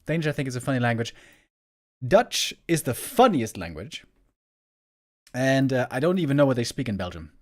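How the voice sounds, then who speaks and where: A man's voice: mid-range voice, sing-song, moderate pace, pauses often. A German man with an American-tinged English accent, chatting casually with stream viewers as an esports caster, rambling and repeating words as he searches for them. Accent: German with American-style English.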